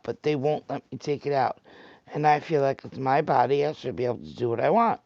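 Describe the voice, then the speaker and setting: A man's voice: medium pitch, expressive, fairly quick, creaky, darkish tone, no echo, muffled recording. A man with a thick Staten Island New York accent, rambling casually to his viewers on a livestream and answering their comments. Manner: rambling, chatty, talks straight to viewers. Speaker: vlogger reading live comments.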